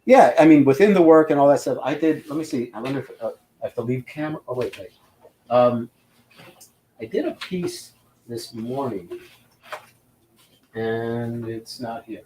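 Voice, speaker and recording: An older man who works as a comic book inker, talking casually over a video call in a rambling, animated way, full of restarts. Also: medium pitch, normal speed, pauses often, slight background noise.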